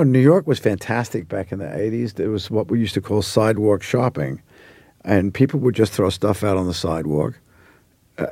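A man in his forties from Australia who now speaks with an American accent, telling rambling stories as an actor guest in a relaxed interview. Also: fairly low pitch, gravelly, no echo, clean studio sound. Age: 40s. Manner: rambling anecdotal storyteller.

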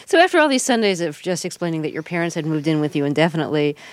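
A woman radio interviewer introducing a guest and asking questions in a measured, calm way. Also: deep voice, no echo.

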